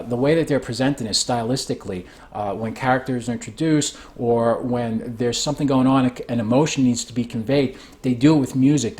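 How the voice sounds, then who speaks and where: A man's voice: mid-range voice, darkish tone. Rambling man recapping a show. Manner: rambling, with frequent restarts. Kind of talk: casual spoken recap.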